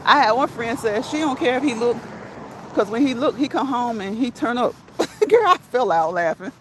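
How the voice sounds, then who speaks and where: A woman vlogging while out on a walk, telling a story in a casual, animated way, laughing often and reading viewer comments aloud. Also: fairly high pitch, moderate pace, noisy background. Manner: reads live chat comments aloud. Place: outdoors on a walk.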